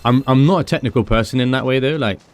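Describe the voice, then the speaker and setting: A man's voice: medium pitch, fast talker, soft background music. A British man giving chatty, rambling commentary on his game stream, with self-mocking asides. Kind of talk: casual gameplay commentary.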